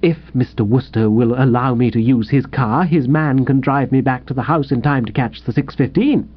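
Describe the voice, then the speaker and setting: A man's voice: medium pitch, moderate pace, lightly acted. A man voicing a haughty, cold spinster who speaks in a clipped, superior way, in a dull lo-fi recording. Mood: icy.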